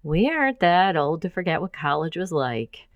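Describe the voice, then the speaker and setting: A woman's voice: deep voice, sing-song, moderate pace, dry recording, lo-fi sound. A woman voicing an affectionate, joking middle-aged mother who is a hacker. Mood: teasing.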